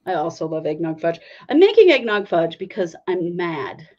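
A middle-aged woman co-hosting a podcast in animated casual chat, laughing often and easily riled up. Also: lowish voice, moderate pace, dull audio. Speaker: podcast co-host.

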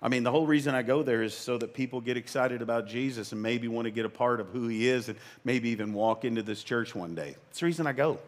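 With a mid-range voice, this man in his fifties delivers his sermon as pastor fast, with few pauses. He's emphatic and conversational, joking on the side, his voice springing up in excited bursts.

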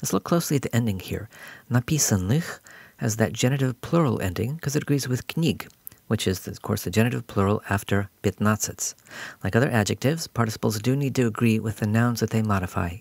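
A man's voice: on the low side, lively intonation, a little fast, creaky, no echo. A man giving a patient, explanatory recorded grammar lesson as a language teacher.

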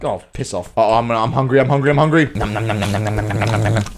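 A man's voice: lowish voice, steady tone, fast, noisy background. A man ranting and swearing his way through comedic gameplay commentary. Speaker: gaming YouTuber.

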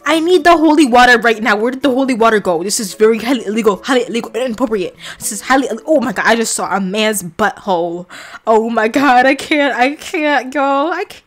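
A young woman reacting loudly while playing a game, laughing and shrieking in playful shock. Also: a little high, animated, brisk. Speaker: gaming vlogger.

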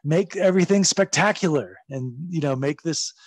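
A man's voice: a little high, moderate pace, dry recording. A man in his forties, a former wrestler, telling stories in a casual interview. His speech is rambling and profane, and it is full of fillers.

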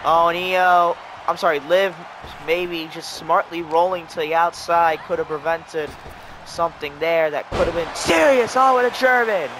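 A man calling a wrestling video game match play by play, excitable and breaking into shouts at the near-falls. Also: on the high side, moderate pace, background noise. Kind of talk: play-by-play commentary.

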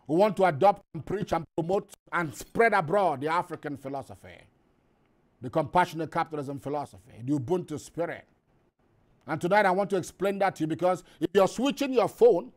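A man hosting a show, delivering an impassioned, preaching monologue full of repetition and rhetorical questions. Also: a little high. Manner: rising to emphatic peaks. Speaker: host.

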